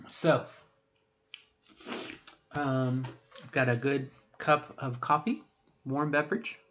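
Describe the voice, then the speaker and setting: In a dull lo-fi recording, a middle-aged trans woman vlogger uses her unaltered, extremely low-pitched voice for voice training. Her delivery is slow, fairly even, and fairly bright in tone, and she rambles hesitantly, frequently correcting herself.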